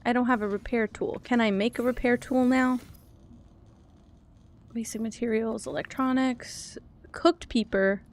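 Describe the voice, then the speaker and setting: High-pitched nervous young woman streamer. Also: fairly even intonation, measured pace, pauses often. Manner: nervous, giggly, talks to chat, jumps between whimpers and chatter. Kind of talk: live game commentary.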